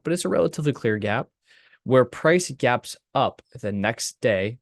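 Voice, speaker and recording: A man's voice: on the low side, no echo, studio quality. A man co-hosting a trading webinar, pointing out chart details step by step. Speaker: co-host walking through charts.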